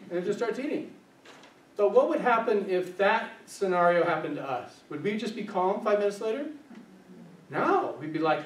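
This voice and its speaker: A man's voice: high-pitched, expressive, a little fast. A man presenting a workshop as a social worker, lecturing a small group and asking them questions as he speaks. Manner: engaging, asks the group questions; acts out quoted voices. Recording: echoey room from a distance, faint hiss.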